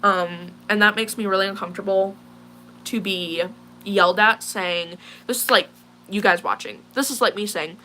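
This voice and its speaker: A shaken teenage girl casually tells a live audience about a distressing thing that happened to her, rambling and using many fillers as a vlogger sharing a personal story. Her mid-range voice is bright and forceful at a moderate pace, with slight background noise.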